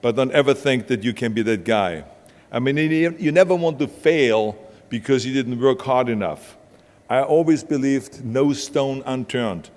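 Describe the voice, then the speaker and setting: A man's voice: medium pitch, expressive, unhurried, darkish tone. Older man with a strong Austrian accent. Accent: Austrian German. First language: German. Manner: emphatic storytelling, punchy lines. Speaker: keynote speaker. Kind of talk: motivational speech with anecdotes. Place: large event hall. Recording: long hall reverb from a live stage.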